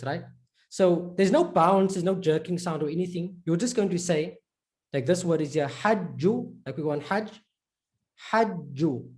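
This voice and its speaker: A man's voice: sits high, darkish tone. Encouraging male Arabic reading teacher. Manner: encouraging, repeats words slowly for drilling. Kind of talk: recorded online lesson.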